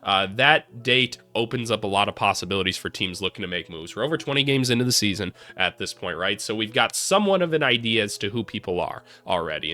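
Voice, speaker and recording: A basketball channel host talks in casual, slangy commentary, full of fillers and quick asides. His voice is worn down from being sick, but it still carries a bright edge. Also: on the low side. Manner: loose and chatty, lots of fillers and slang asides.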